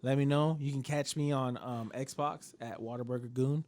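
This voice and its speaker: A man co-hosting a casual podcast, telling stories in a laid-back, swearing way and acting out other people's voices with big jumps in pitch. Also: steady tone, normal speed, darkish tone. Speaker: podcast co-host. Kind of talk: casual chat.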